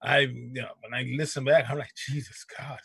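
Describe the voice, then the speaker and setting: A man's voice: mid-range voice, fairly even intonation, a little fast, vocal fry, fairly bright tone, breathy edge. A man hosting a casual chat show, laid-back and slangy, laughing often. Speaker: show host.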